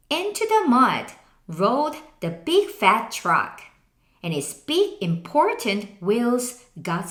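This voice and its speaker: A woman teacher reading a picture book aloud slowly, in an expressive sing-song way. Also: fairly high pitch, roomy sound. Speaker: English teacher.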